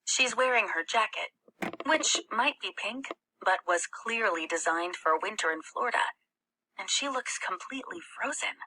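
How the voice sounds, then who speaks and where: A woman reading a novel aloud, slow and careful in her storytelling. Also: medium pitch, expressive, bright, forceful tone. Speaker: audiobook reader.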